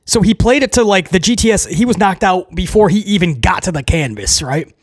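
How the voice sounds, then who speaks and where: A man recapping a wrestling show in a casual, excitable way, rambling with restarts and chuckles. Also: high-pitched, fairly quick, no echo, clean studio sound.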